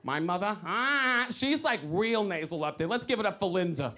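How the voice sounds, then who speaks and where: Animated New York comic, high bright voice. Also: male voice, moderate pace, slight background noise. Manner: animated, loud storytelling with shouted outbursts. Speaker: stand-up comedian. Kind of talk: stand-up comedy set. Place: comedy club stage. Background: audience laughter.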